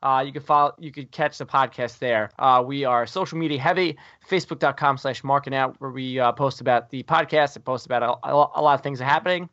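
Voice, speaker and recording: A man's voice: medium pitch, steady tone, a little fast, few pauses, a bit bright, no echo. A man hosting a podcast in casual chat, rambling and jokey with lots of fillers. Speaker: podcast host. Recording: dry, dull lo-fi recording.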